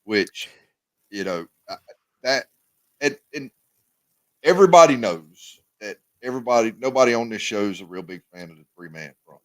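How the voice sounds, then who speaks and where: A man co-hosting a casual sports talk show, animated and often repeating his words. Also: lowish voice, normal speed, dry recording.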